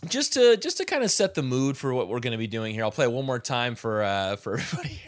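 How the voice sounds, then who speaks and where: A man's voice: mid-range voice, sing-song, quick pace, very noisy. A man co-hosting a podcast over a call, chatting enthusiastically and rambling with restarts. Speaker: podcast co-host. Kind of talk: casual chat on a call.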